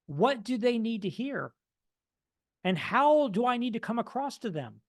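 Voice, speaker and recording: A man giving an energetic motivational talk, mimicking dull and excited voices to make his point. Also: very high-pitched, a little slow. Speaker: motivational speaker.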